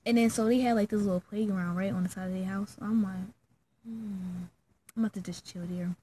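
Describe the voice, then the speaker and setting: A young woman vlogger casually telling a story from childhood, acting out the people in it with sudden high squeaky voices. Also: fairly quick, slight background noise. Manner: animated, acts out her own and friends' lines in squeaky high voices.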